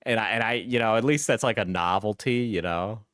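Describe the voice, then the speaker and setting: A man's voice: fairly low pitch, brisk, fairly bright tone, a little hiss or hum. Laid-back slangy young streamer guy. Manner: slangy, swears freely, rambling anecdotes. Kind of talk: casual live-stream chat.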